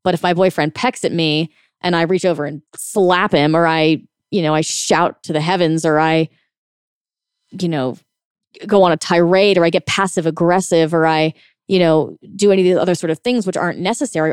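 A woman's voice: on the low side, steady tone, fairly quick, clear, resonant tone, no echo, studio quality. A woman working as a relationship coach, giving casual, frank advice in a monologue, sometimes swearing, often laughing and acting out quoted reactions. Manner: frank and blunt, with occasional swearing.

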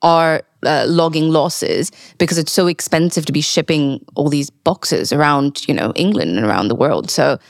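A woman's voice: low voice, normal speed, creaky, hardly any pauses, no room sound, studio quality. A woman, co-founder of a food startup, explaining her business as a podcast guest with frequent "like" fillers. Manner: enthusiastic, uses "like" often. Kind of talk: casual interview chat.

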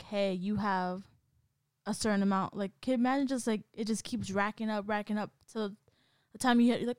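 A woman's voice: mid-range voice, a little mellow, smooth, no echo, clean studio sound. A young woman co-hosting a podcast, telling a story in casual chat with lots of fillers and restarts. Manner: rambling, filler-heavy storytelling. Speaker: podcast co-host.

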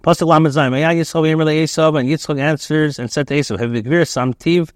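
A man teaching as a rabbi, a text aloud and translating it line by line in a halting way, with many restarts and fillers. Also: a little high, fairly even intonation, no echo, clean studio sound.

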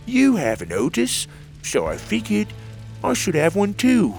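A brave little platypus hero speaks up earnestly in a lifted voice, as a man plays him in an audio storybook. There is a gravelly edge to it and faint music underneath. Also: wildly swooping pitch, measured pace, a little mellow, full character voice. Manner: earnest, raised pitch. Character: brave young male platypus hero Petey.

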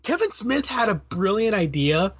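Male podcast co-host, easygoing and chatty, high-pitched with a husky edge. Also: very animated, moderate pace, no echo. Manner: laid-back, says dude a lot, rambling. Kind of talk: casual movie chat.

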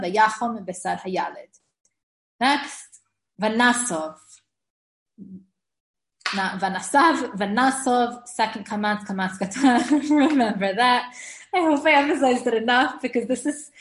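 A woman's voice: on the high side, roomy sound, rough recording. A woman giving a lecture on Hebrew reading rules, patiently explaining and repeating words to stress the correct pronunciation. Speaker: Hebrew grammar teacher. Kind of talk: recorded lecture.

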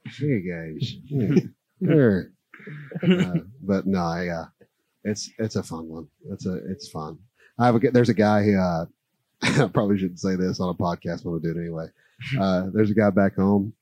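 A man's voice: sits low, normal speed, mellow, dry recording. A man with a stuffy nose, chatting casually as a podcast guest in a bar, rambling and laughing and slipping into impressions. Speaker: guest musician. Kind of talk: casual chat.

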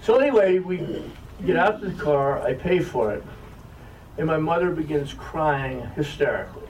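A man's voice: fairly high pitch, animated, moderate pace, a little mellow. An older man telling wry, self-mocking stories to an audience as an author. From American South. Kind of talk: humorous storytelling talk. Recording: distant mic, faint room noise.

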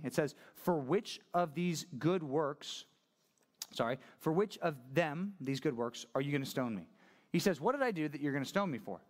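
A man's voice: on the high side, moderate pace. A man preaching a sermon as pastor, talking conversationally, asking his listeners questions and acting out the voices he quotes. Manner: conversational, asks the congregation questions; animated, acts out quoted voices.

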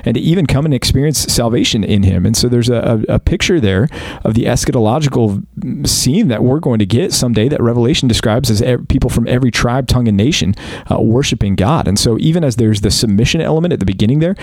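An American man co-hosting a casual Bible discussion, thinking aloud and reading verses slowly and deliberately. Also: mid-range voice, animated, a little mellow, no echo. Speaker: podcast co-host.

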